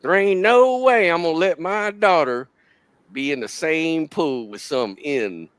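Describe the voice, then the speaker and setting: Indignant middle-aged woman played by a male host, high and loud. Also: measured pace, no echo, studio quality, natural voice.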